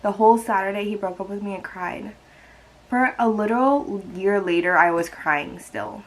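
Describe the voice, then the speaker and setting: A woman's voice: medium pitch, moderate pace, rough recording. Chatty young woman telling a tearful story. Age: 20s. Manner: chatty, heavy use of "like", emotional and teary. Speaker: vlogger. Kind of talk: casual storytime.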